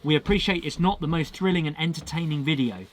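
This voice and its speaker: A man's voice: a little high, fast. A male channel host chatting casually as he reads out viewer mail and thanks the senders.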